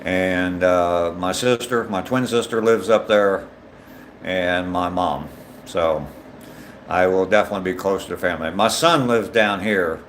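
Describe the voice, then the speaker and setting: A man's voice: sits low, measured pace, a bit bright, slight background noise. Older man chatting on a live stream walk. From Ohio. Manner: reads viewer names aloud and chats back, with many ums. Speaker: livestream host. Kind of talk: casual live stream chat. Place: outdoors on a walk.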